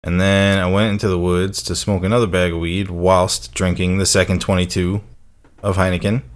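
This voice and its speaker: A young man with a somewhat low voice tells an easygoing, profane story to his podcast co-host. He talks in an unhurried, conversational way. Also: little pitch movement. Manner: laid-back, quick to laugh, profane. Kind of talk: casual storytelling chat.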